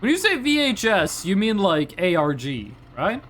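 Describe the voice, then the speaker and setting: Lively chatty young man streaming. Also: high voice, normal speed, slight background noise. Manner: rambling, chatty, reacting to chat with frequent restarts. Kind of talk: casual live-stream chat.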